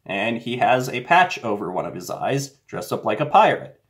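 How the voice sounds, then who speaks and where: A man's voice: medium pitch, big pitch swings, moderate pace, a bit bright. A man talking casually to the camera and retelling a film in a rambling, conspiratorial way, with many fillers. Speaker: commentator. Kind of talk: casual monologue.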